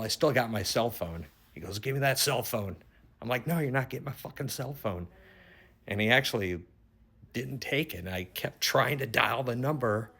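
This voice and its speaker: A middle-aged man casually retelling a strange dream, rambling and swearing freely as he goes. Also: lowish voice. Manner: rambling, swears freely, grows more excited toward the end. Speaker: dream storyteller.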